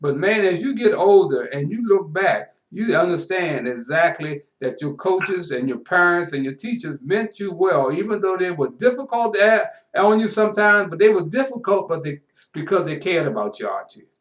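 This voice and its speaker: A man's voice: high voice, expressive, normal speed, fairly bright tone. A man hosting a sports talk show in a folksy, casual way, often adding "man" to his sentences. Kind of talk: casual interview chat.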